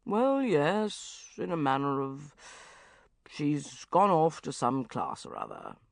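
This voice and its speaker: A woman's voice: deep voice, huge pitch swings, slow, gravelly, dry recording, studio quality, full character voice. A woman voicing a stiff, military-mannered older father who speaks in a clipped way.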